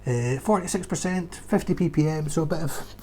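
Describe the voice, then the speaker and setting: A man's voice: fairly high pitch, brisk, darkish tone, slight background noise. A man working as a whisky tour guide, talking through favourite whiskies in a casual, enthusiastic and emphatic vlog recorded indoors at home. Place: indoors at home beside a shelf.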